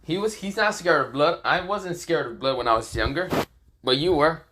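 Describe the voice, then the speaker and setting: A man's voice: moderate pace, noisy background, natural voice. A man voicing a frustrated grown male ninja leader who whines in a raised voice. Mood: exasperated. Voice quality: high, whining complaints.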